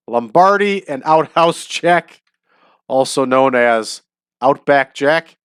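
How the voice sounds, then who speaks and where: A man's voice: medium pitch, animated, takes it slowly, fairly bright tone, smooth, no echo, studio quality. A man hosting a casual let's-play of a wrestling booking game, upbeat and chatty, often breaking into laughter. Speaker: host.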